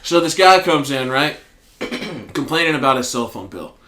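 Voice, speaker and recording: Profane Southern storyteller, echoey room. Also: male voice, medium pitch, moderate pace. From American South. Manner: profane, animated storyteller acting out quotes. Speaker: podcast co-host. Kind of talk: casual storytelling chat.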